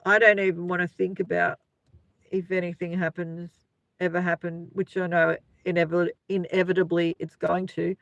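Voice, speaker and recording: A woman's voice: fairly low pitch, little pitch movement, moderate pace, no room sound, lo-fi sound. An Australian woman hosting a casual live chat, laughing often and talking to her viewers by name. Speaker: livestream host.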